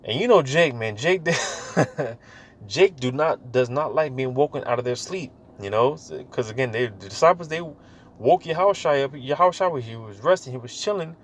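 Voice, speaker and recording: A man giving casual Bible teaching in a slangy, loose style, reading verses slowly, then talking them over and filling gaps with "man" and "you know". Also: mid-range voice, lively intonation, slight background noise. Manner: reads scripture aloud slowly, then riffs on it.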